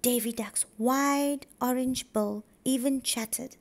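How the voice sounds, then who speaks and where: A woman teacher reads a children's storybook aloud, taking each word slowly and clearly. Her voice sits high and carries a gravelly creak. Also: fairly even intonation. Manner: slow, clear, careful reading. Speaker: preschool teacher.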